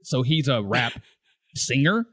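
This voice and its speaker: A man's voice: mid-range voice, sing-song, slow, fairly bright tone, no echo, studio quality. A man co-hosting a casual podcast, laughing often as he retells favorite scenes and acts out quoted lines. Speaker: podcast co-host. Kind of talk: casual podcast chat about a TV show.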